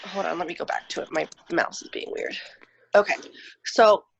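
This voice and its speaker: A woman's voice: fairly low pitch, moderate pace, vocal fry, noisy background. A woman presenting a podcast episode in casual chat, explaining things step by step. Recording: dull lo-fi recording.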